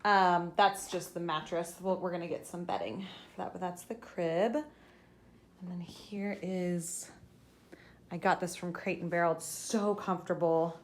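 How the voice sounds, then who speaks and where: Chatty young woman with a low voice. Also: steady tone, a little slow, slight background noise. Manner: chatty, with many fillers and restarts; gushing and tearful over baby things. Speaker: vlogger. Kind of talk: casual vlog chat. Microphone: handheld camera.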